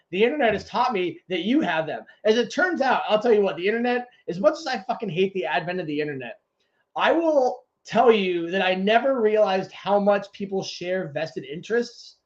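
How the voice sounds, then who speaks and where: A man's voice: high voice, highs cut off. A man co-hosting a podcast in casual chat, ranting with lots of swearing. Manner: animated, profane ranting. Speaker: podcast co-host.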